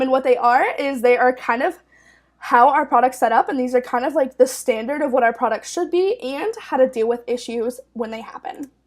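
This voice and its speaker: Upbeat high-voiced young woman presenting. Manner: upbeat, casual, with filler words and frequent laughs. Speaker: network manager presenting a training webinar. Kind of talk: training webinar presentation.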